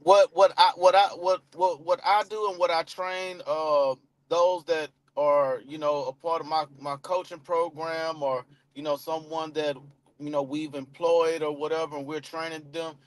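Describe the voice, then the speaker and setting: A man's voice: on the high side, steady tone, normal speed. Man coaching in a loose, repetitive ramble. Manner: loose, repetitive, acts out phone calls. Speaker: real estate coach. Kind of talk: casual live-stream chat.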